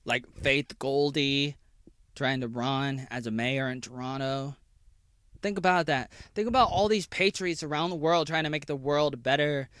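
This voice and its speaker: Man, rambling solo vlogger, mid pitch, dry close mic. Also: normal speed, a bit bright, clean tone, no room sound. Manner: rambling, jumps between mocking squeals and low muttering. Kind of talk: rambling monologue vlog.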